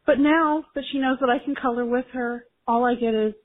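A woman's voice: fairly high pitch, fairly even intonation, a little fast, hardly any pauses, no echo. Weary woman caller on a tinny phone line. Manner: weary, sighing. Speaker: caller, mother of a toddler. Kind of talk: voicemail to a podcast.

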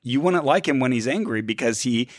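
A man co-hosting a podcast, joking around and swinging from loud exclamations to low deadpan asides. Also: a little fast, no echo, studio quality. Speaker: podcast co-host. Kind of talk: jokey podcast banter.

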